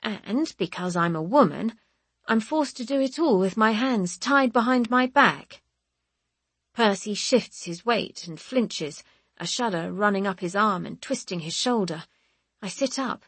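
A woman narrating a first-person audiobook in a wry, measured, expressive way. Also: medium pitch, breathy edge, no room sound.

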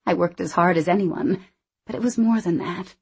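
A woman narrating a novel in the first person in a measured, reflective way. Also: on the low side, darkish tone, husky. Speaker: audiobook narrator.

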